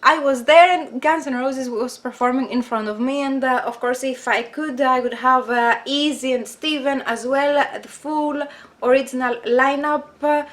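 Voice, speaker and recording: High-voiced excited woman vlogger. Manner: excited, halting, many fillers. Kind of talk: casual personal storytelling to camera.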